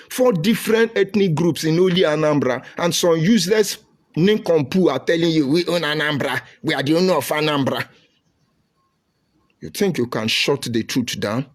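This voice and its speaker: Speaking a little high, a middle-aged man with a Nigerian accent hosts a combative live stream, reading out viewer comments and firing back with insults and rhetorical questions.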